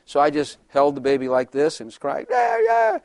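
A man's voice: medium pitch, flat delivery, a little fast, no room sound, clean studio sound. An older man, a pastor, giving a humorous, chatty sermon, often laughing and acting out little voices.

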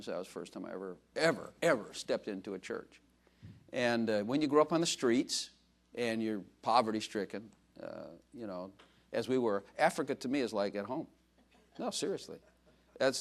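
Older man, informal sermon, rambling, self-mocking, full of fillers. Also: medium pitch. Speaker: preacher.

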